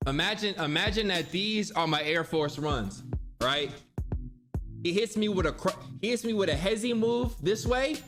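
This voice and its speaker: A man's voice: high-pitched, moderate pace, faint music behind. A young man telling funny personal stories in a casual, slangy way, acting out what people said. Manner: animated, slangy, acts out quotes. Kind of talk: casual storytelling.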